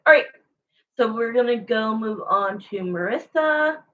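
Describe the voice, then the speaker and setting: A woman's voice: a little high, lively intonation, unhurried, a bit bright, muffled recording. A woman tarot reader chatting casually and frankly with viewers on a livestream.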